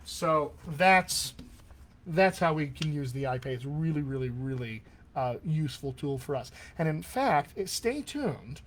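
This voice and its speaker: A man's voice: a little high, lively intonation, unhurried, slight background noise. A middle-aged man teaching as a dialect coach in a live-streamed accent class, talking in an enthusiastic, conversational way with frequent asides.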